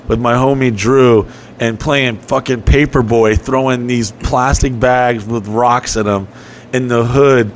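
A man's voice: mid-range voice, slight background noise. A man casually telling long, profane stories on a podcast, laughing as he goes. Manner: profane, rambling, laughing storyteller. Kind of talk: casual storytelling chat.

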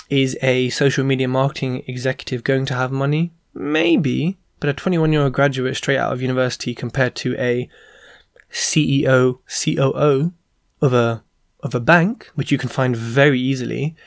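A man's voice: mid-range voice, creaky, no room sound, clean studio sound. A man hosting a show, giving casual advice in a chatty way with plenty of fillers and asides. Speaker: podcast host giving business advice.

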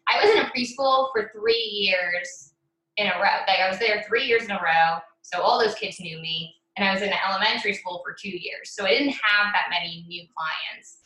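A chatty woman host speaks in a bright, sharp voice and shares classroom tips at a lively clip. Her voice rings through a roomy, echoey space, and she slips easily into a bossy teacher tone when she tells a story. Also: medium pitch, normal speed. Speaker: podcast host, speech therapist. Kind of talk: casual podcast chat.

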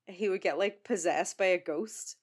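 A woman's voice: on the low side, normal speed. Sweary woman co-hosting a podcast. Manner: sweary, laughing, lots of fillers. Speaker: podcast co-host. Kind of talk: casual chat.

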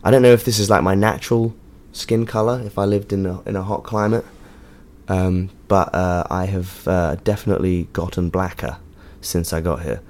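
A man's voice: low-pitched, fairly even intonation, moderate pace, a little mellow. An Englishman hosting his own show, talking casually in a rambling, jokey way with lots of swearing and fillers, from a hotel room. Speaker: podcast host and touring musician. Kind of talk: casual monologue.

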